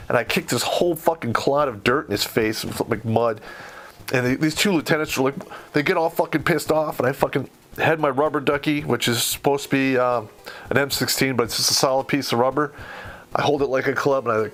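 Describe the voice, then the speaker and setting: Middle-aged male podcast host from Michigan, profane and blunt, mid-pitched, faint music underneath. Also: brisk. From Michigan, USA. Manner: profane, blunt, animated storytelling. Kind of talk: casual storytelling.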